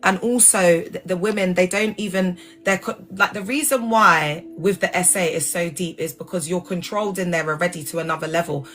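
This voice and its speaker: Low-voiced woman hosting a live stream. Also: a little fast, few pauses. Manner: animated, digressive, spells out sensitive words. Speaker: livestream host. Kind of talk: casual livestream talk. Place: lives in England.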